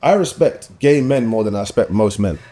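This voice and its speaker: A man's voice: lowish voice, animated, normal speed, mellow. A man, a podcast guest, talking in an insistent, slangy way. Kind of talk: casual chat.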